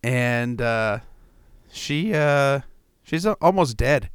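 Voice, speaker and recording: A man's voice: mid-range voice, animated, takes it slowly, smooth, no echo, studio quality. A man in casual conversation, laughing often and teasing his friend. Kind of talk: casual chat.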